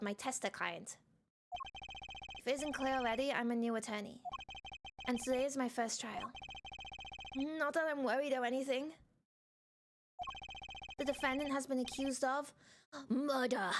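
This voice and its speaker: A woman streaming a game at home on a desk mic, chatting in a self-mocking way and reading the dialogue aloud. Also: high voice. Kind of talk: casual let's play chat, reading game dialogue. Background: game music.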